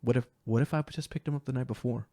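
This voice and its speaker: A young man telling an emotional personal story as a guest, earnest and halting, acting out the voices of the people in it. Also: mid-range voice, steady tone, mellow, no room sound, clean studio sound. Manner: earnest, acts out quoted voices, halting restarts.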